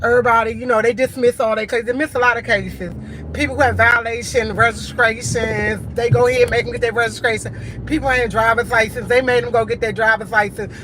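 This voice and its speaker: A woman's voice: fairly high pitch, steady tone, fast talker. Indignant chatty woman, noisy street. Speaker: vlogger. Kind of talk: casual live-stream chat.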